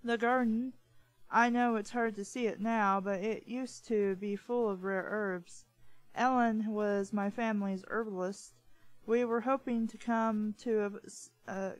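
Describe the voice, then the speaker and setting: A woman reading the lines of a charming, smooth-talking upper-class English gentleman from a novel, in a polite, persuasive manner. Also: mid-range voice, fairly even intonation, measured pace, dry recording, close to an everyday voice, poor audio.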